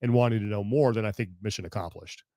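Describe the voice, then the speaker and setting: A man co-hosting a podcast in casual chat, quick and opinionated. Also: on the low side, mellow, no echo, clean studio sound. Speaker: podcast co-host.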